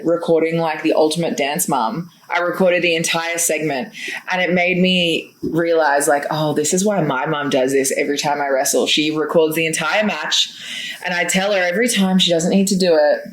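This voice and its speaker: A woman's voice: low voice, low-quality recording. A woman hosting a podcast in a chatty, teasing way, with lots of fillers. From Australia. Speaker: podcast host, wrestler. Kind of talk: casual chat.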